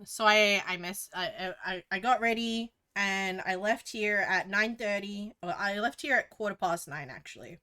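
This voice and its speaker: Bright, crisp Australian woman rambling. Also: medium pitch, moderate pace, hardly any pauses. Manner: rambling, with frequent restarts and swearing. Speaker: streamer. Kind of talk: casual storytelling.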